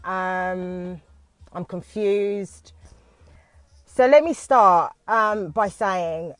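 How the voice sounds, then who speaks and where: A British woman, speaking on a live video from her parked car, comes across nervous and keeps restarting her sentences. Her voice sits at a middling pitch, and the sound is dry and close with no room echo. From United Kingdom. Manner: nervous, halting, many restarts. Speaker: dance teacher.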